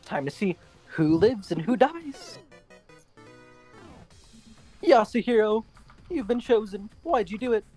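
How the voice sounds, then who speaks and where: A woman's voice: medium pitch, animated, slow pace, long pauses, mellow, breathy edge, faint music behind. A woman running a social deduction game as game master, announcing votes and reveals with a showy, playful delivery. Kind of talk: theatrical game hosting.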